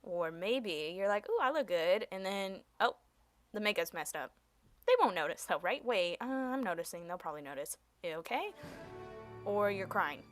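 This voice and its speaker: A young woman doing a self-mocking comedic monologue in a deadpan way. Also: medium pitch, normal speed, dry recording, soft background music.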